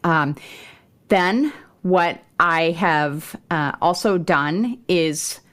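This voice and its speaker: A middle-aged woman with a low-pitched voice hosts a homeschooling podcast. She talks in a relaxed, conversational way, with small restarts and fillers as she explains. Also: extremely slow. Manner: warm, conversational, with occasional laughs and fillers. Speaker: podcast host. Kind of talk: homeschool parenting advice podcast.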